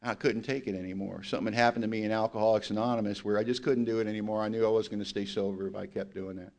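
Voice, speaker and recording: A man's voice: lowish voice, very fast, creaky. Blunt, confessional man telling his story. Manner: animated storytelling, acting out quoted voices; blunt, confessional and self-mocking. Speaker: speaker sharing his recovery story. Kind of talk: personal testimony talk to a recovery meeting.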